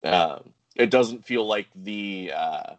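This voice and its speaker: A man's voice: lowish voice, takes it slowly, lo-fi sound. A man co-hosting a casual game review podcast, rambling with lots of "like" and "um". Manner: rambling, full of "like" and "um". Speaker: podcast co-host.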